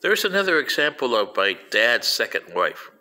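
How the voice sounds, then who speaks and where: Guy telling stories to a crowd, bright voice, pitch jumps all over when he hits a point. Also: moderate pace. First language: Spanish. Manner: animated, pitch jumping on emphasis; addresses listeners directly with asides. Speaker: speaker addressing an audience. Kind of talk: storytelling talk.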